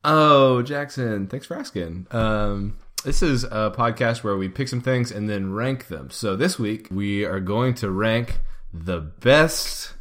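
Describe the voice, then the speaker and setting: A man's voice: fairly low pitch, takes it slowly, hardly any pauses, fairly bright tone. Playful young man hosting a podcast. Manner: goofy, laughing, playful riffing. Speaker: podcast host. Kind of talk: casual comedic podcast banter.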